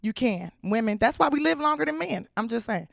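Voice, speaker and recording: Brash, high, animated woman comic. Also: vocal fry, no room sound, studio quality. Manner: loud, animated storytelling with rapid repetition; slangy, brash, crude. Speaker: stand-up comedian. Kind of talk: stand-up comedy routine.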